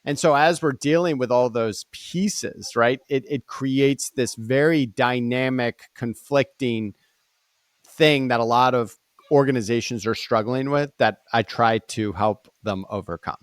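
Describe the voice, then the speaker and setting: A man's voice: medium pitch, measured pace, no echo, clean studio sound. A man in his forties answering interview questions, telling stories with energy and often asking "right?". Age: 40s. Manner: energetic, animated storytelling with frequent "right?" tags. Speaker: guest author and speaker.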